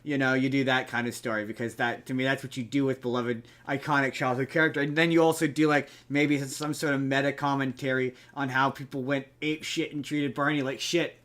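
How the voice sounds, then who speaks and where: A man's voice: medium pitch, level tone, fairly quick, hardly any pauses, fairly bright tone. A man hosting a podcast, chatting casually and often trailing off mid-thought. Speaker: podcast host. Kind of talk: casual chat.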